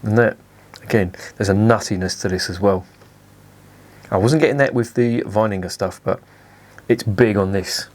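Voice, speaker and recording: A man's voice: on the low side, fairly even intonation, moderate pace, pauses often, darkish tone. A man giving a casual beer review, blunt and enthusiastic, swearing freely.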